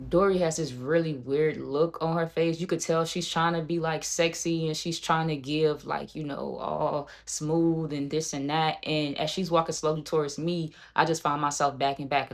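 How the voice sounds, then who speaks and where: A woman vlogger casually telling a story, addressing her viewers directly in an animated way. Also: low-pitched.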